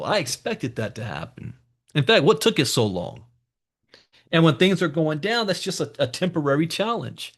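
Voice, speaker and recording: A man's voice: a little high, very animated, moderate pace, fairly bright tone. A man hosting an education call, giving emphatic motivational coaching and repeating his key advice straight to the listeners. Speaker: host of a crypto education call.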